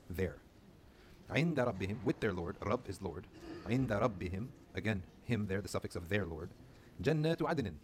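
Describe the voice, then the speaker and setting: A man's voice: on the low side, darkish tone, a little hiss or hum. A man teaching a video lesson on reading the Quran, spelling words letter by letter and checking in with "okay?" after each point. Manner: patient, repeats words slowly for learners; drills letter by letter, fond of "okay?".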